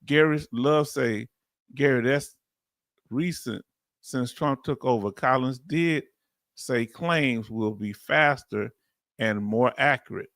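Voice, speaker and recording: A man's voice: medium pitch, slow, no room sound, clean studio sound. A man in his fifties with a Southern US accent, hosting a casual livestream and reading viewer comments aloud. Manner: chatty, reads chat aloud, bursts of laughing excitement. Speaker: veteran livestream host.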